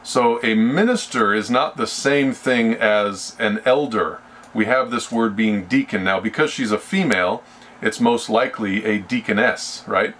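Low-voiced man teaching a Bible study. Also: fairly bright tone, slight background noise. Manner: slow and deliberate, with frequent restarts.

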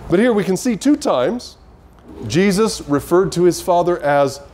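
A man's voice: sits high, animated, unhurried, darkish tone. A man teaching a Bible study, emphatic and full of rhetorical questions to his listeners.

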